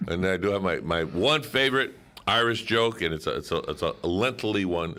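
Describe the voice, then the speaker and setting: A man co-hosting a radio chat, playful and teasing, with quick interjections. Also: sits low, expressive, bright, forceful tone. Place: radio studio.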